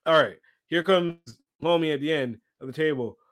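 A man with a notably high voice tells a story in relaxed, casual chat. He rambles and restarts, dropping "like" into nearly every phrase. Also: moderate pace. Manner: rambling, fills speech with "like".

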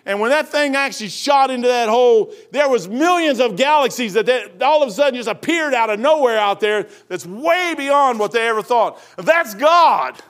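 High-voiced fervent preacher man. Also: lively intonation, normal speed, few pauses. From Kentucky. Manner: fervent, swings between shouting and hushed asides. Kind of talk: impassioned preaching.

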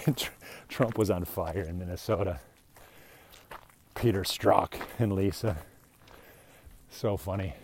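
A man's voice: low voice, dark tone, slight background noise. An older man talking through a casual commentary monologue, rambling and chuckling. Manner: rambling, chuckling, slips into mocking voices. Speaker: political commentator.

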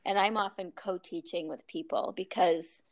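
A woman's voice: fairly low pitch, fairly even intonation, moderate pace. A woman yoga teacher telling stories in a casual interview, chatty, laughing often, with many ums and restarts.

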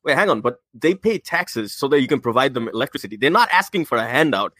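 A man's voice: medium pitch, sing-song, fast talker, few pauses, bright, forceful tone, no room sound. Rambling, sarcastic man, dry sound. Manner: rambling, sarcastic, hesitant fillers. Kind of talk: casual political chat.

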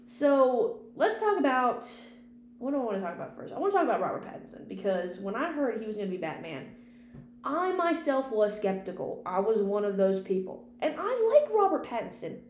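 A woman's voice: fairly high pitch, very animated, a little fast. A woman hosting a casual, unscripted podcast, rambling chattily about movies and swearing freely. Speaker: podcast host and film critic. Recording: echoey room with faint hum.

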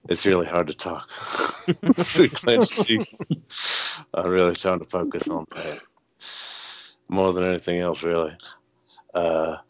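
A man's voice: sits low, animated, slow pace, long pauses, fairly bright tone, no room sound, full character voice. A man doing a drawling movie star gritting his teeth. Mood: laid-back. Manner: words squeezed through clenched teeth, breaking into laughs.

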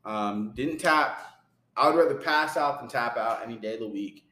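Young male podcast co-host, mid-pitched, rambling play-by-play wrestling recap, recorded in an echoey room. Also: normal speed, bright, forceful tone. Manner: rambling play-by-play, many fillers and laughs. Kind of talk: casual chat. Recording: roomy echo.

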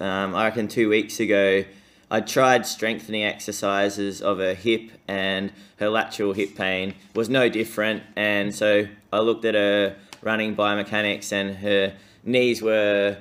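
A man hosting an interview, chatting casually about a runner he treated, relaxed and hesitant with ums. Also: lowish voice. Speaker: podcast host, physiotherapist.

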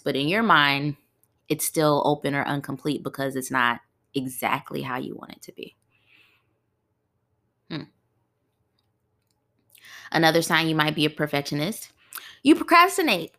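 A woman's voice: deep voice, fairly bright tone. A woman hosting a podcast in a casual, conversational way, often putting rhetorical questions to her listeners. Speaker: podcast host. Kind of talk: casual solo podcast talk.

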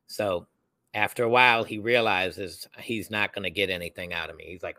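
A young adult man co-hosting a podcast, telling a personal story in casual chat and acting out the people he quotes in loud voices. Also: low-pitched, normal speed, no room sound. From United States. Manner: animated, acts out quoted voices loudly. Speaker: podcast co-host.

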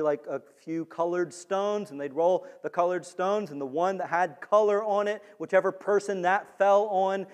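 Animated male preacher in a reverberant hall. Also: on the high side. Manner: animated, rising to near-shouts for emphasis. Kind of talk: sermon.

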